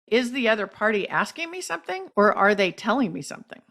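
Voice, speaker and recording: Female podcast host, middle pitch, measured instructive read of speech advice. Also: sing-song, creaky, fairly bright tone. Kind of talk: scripted explanation of speech tips.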